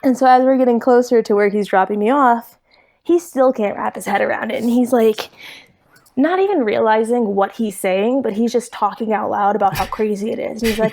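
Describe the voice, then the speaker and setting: Young woman telling a lively story. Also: on the high side, a little fast, vocal fry. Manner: animated, laughing, quotes others. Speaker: guest, thru-hiker. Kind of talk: casual storytelling.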